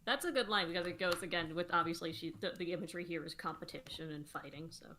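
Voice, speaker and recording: A woman with a bright, clear voice pitched a little low for a woman, chatting on a livestream. She explains things in a casual, thinking-aloud way, full of "um"s and restarts. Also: fast, a little hiss or hum. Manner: explanatory, many fillers and restarts. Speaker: co-host songwriter.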